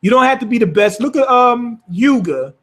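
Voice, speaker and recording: High-voiced man in a profane recap. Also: moderate pace. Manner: profane, rambling, animated retelling. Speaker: anime reviewer. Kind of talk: casual episode recap.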